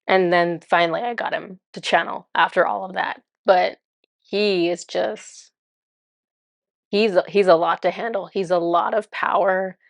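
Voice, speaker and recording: A woman telling a story to camera in a casual, chatty way, laughing often and sometimes dropping to a hushed murmur. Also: on the low side, dry recording, clean studio sound. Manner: chatty and amused, laughs often while recounting. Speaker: spiritual channeler.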